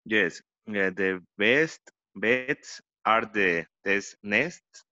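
A man in an online English class, slowly saying practice sentences. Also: fairly low pitch, lively intonation, pushed and bright, no room sound, muffled recording. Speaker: student.

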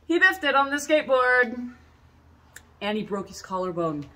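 A woman in her thirties who makes corsets, chatting casually as she shows pieces in her workshop, animated and self-mocking. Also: a little high, moderate pace. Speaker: corset maker showing her collection. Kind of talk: casual product showcase vlog. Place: workshop under a tin roof.

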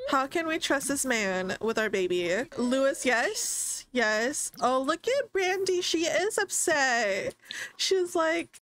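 A young woman casually commenting on a life-simulation game, chatty and excitable, often voicing her characters' thoughts. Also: on the high side, slow pace. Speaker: gaming streamer. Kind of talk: casual let's-play commentary.

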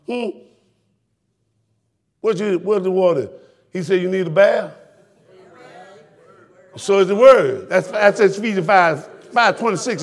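A man preaching a fiery sermon in a church, shouting and calling out to his congregation. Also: high voice. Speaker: pastor. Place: church sanctuary.

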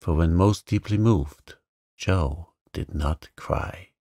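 A man narrating a classic novel as a calm sleep story, slow and soothing, on a close microphone. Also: sits low, breathy edge, no room sound.

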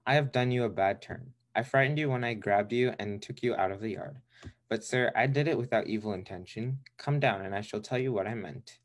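A young man voicing a sly flattering fox. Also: on the low side, brisk, lightly acted. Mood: pleading. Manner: smooth, coaxing courtly speech.

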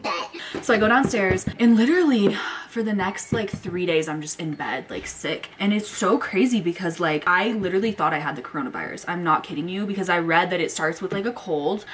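A woman's voice: fairly low pitch, brisk, slight background noise. A young woman vlogging at home, telling a story in a dramatic, profane way with lots of "like". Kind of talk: casual storytime vlog. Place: home, indoors.

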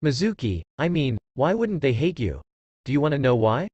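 A man's voice: mid-range voice, very animated, normal speed, darkish tone, slightly rough, no room sound, highs cut off. A man reading the lines of a scheming, taunting male ninja teacher in a fan story. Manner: taunting, threatening.

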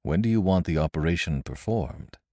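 A man's voice: sits low, animated, fairly quick, a little mellow, no echo, studio quality. A man voicing a severe middle-aged surgeon who speaks bluntly and emphatically. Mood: stern.

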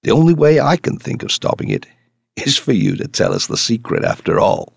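Man voicing a talkative male journalist, brash, lively, gravelly, husky, dry close sound. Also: mid-range voice, a little fast, no room sound, pitched above the performer's own voice, full character voice. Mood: eager. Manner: eager, insistent and chatty. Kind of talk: audiobook character reading.

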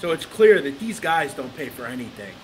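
A man hosting a sit-down interview who mostly listens, adding short comments and questions. His pitch moves in a lively way, and a faint hiss runs under the recording. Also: fairly quick, rough recording. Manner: brief interjections and follow-up questions. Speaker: interview host. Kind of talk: casual interview.

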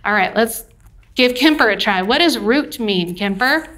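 A woman's voice: fairly high pitch, animated, moderate pace, a bit bright. A woman teacher leading a cheerful, patient lesson for young children, coaxing them along.

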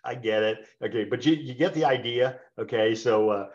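An older man in his sixties runs an informal webinar, drifting between points and checking in with the listener as he goes. His voice sits at an ordinary middle pitch. The sound is a little muffled, like online meeting audio. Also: moderate pace. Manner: rambling and conversational, full of tag questions. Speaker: webinar presenter.

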